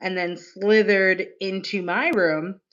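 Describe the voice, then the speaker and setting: Woman streamer, mid-pitched, effusive and animated, casual swearing, muffled lo-fi mic. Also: takes it slowly. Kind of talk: casual livestream chat.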